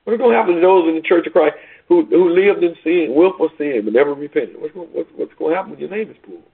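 A man's voice: fairly high pitch, fast, creaky, slightly rough. A man preaching a sermon, repeating himself and building to rising, urgent questions. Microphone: phone call line. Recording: tinny phone line.

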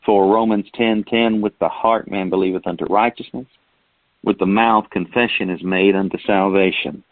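A man's voice: fairly low pitch, steady tone, moderate pace, no room sound. A man preaching a sermon, asking rhetorical questions and reading scripture aloud. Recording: tinny phone-like sound.

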